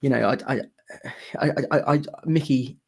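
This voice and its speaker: A man's voice: medium pitch, normal speed, vocal fry, slightly rough. A man in his thirties with a British accent, hosting a casual theatre chat and often repeating words as he gets to his point. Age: 30s. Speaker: host of a theatre live chat.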